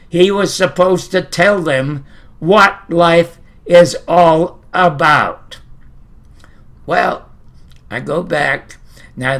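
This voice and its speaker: Slow, gravelly older man telling stories. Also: on the high side, a bit bright. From Canada. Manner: blunt, opinionated raconteur, swears casually. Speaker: host. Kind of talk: storytelling monologue to camera.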